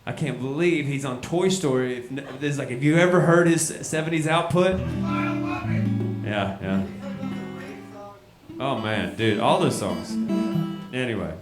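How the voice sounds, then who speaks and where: A man's voice: medium pitch, expressive, a little slow, long pauses. A man performing live, rambling and joking between songs, swearing casually and laughing at his own remarks. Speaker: singer-songwriter performing live. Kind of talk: live concert stage banter. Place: live music venue. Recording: roomy live recording with loud guitar.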